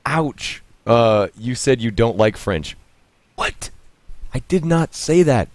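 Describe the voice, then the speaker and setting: A man chatting casually as he plays a game, laughing often and reacting out loud to the action. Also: medium pitch, lively intonation, slow pace, no room sound. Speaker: streamer and host. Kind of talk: casual gameplay commentary.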